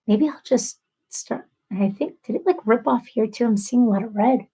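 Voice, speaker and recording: A woman's voice: fairly high pitch, dark tone, breathy edge, low-quality recording. A woman in her thirties chatting casually with viewers on a livestream, apologetic and self-deprecating. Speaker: livestream host.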